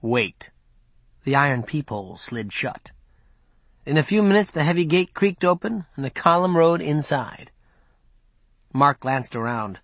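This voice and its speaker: A man narrating an audiobook in a steady, even storytelling manner. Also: on the high side, moderate pace, no echo. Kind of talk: scripted narration.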